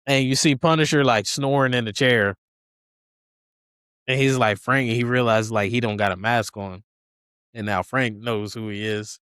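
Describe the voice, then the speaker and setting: A man recaps a movie plot on a podcast in a relaxed, casual way. His voice is smooth and clear, recorded close and dry, and he animatedly acts out what the characters say as he goes. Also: mid-range voice, moderate pace, long pauses, no room sound. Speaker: podcast co-host.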